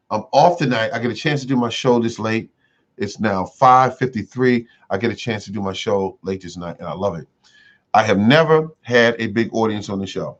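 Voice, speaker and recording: A man's voice: on the low side, fairly bright tone. A man hosting a casual gardening livestream, rambling and repeating himself with many fillers. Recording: dull lo-fi sound.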